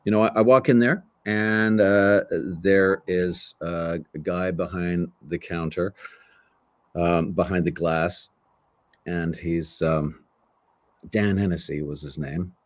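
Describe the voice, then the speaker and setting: A man's voice: low voice, slow pace, no room sound. A man in his sixties, a voice actor, telling stories in a casual interview and acting out the voices of people in them. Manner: animated storyteller who acts out voices. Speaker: voice actor guest.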